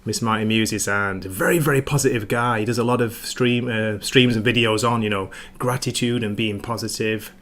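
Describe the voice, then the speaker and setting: A man's voice: fairly low pitch, steady tone, brisk, few pauses, a bit bright. A man from near Manchester, chatting casually as a guest on a livestream video call, self-deprecating and friendly. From northern England, near Manchester.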